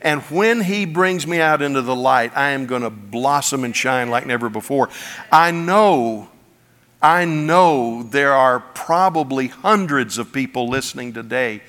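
A male pastor preaching a sermon, telling stories with folksy humor and animated delivery. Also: medium pitch, unhurried. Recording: long hall reverb.

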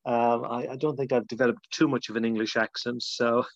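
A man's voice: mid-range voice, fairly even intonation, a little fast, no room sound. A man in his fifties with an Irish accent, a social worker speaking as a podcast guest, talking hesitantly with many fillers and restarts. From Ireland. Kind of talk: casual podcast interview. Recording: dull, lo-fi, dry sound.

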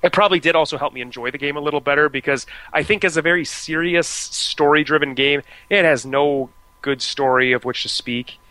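An American man co-hosts a podcast, chatting casually about video games with plenty of fillers and restarts. His voice sits fairly high and comes out bright and forceful, a little fast with hardly any pauses. The recording is dry and the audio quality is poor.

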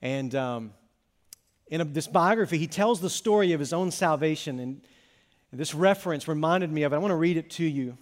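A man's voice: on the high side, moderate pace. A man, a pastor, preaching a sermon in an earnest, conversational way with small fillers.

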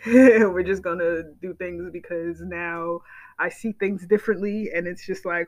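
Podcast host, male, high-pitched, excitable, gushy, repetitive, swears casually. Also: takes it slowly, poor audio. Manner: excitable, gushing, repeats himself, swears. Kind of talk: casual solo podcast chat.

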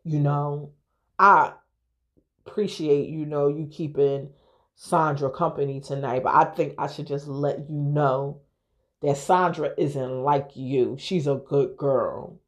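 A woman quoting a smug man, speaking in a lowered, condescending tone. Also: fairly even intonation, slow. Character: smug man scolding a friend.

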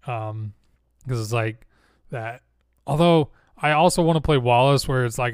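A man's voice: medium pitch, a little slow, clear, resonant tone, no echo. A man in casual chat, musing aloud in a rambling way that often breaks off mid-thought, with a dry mouth and a slightly congested nose. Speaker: streamer planning role-play characters.

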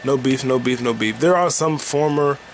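A man's voice: medium pitch, normal speed, slight background noise. A man hosting a rambling solo podcast while gaming, talking loosely and profanely with sing-song asides. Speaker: podcast host.

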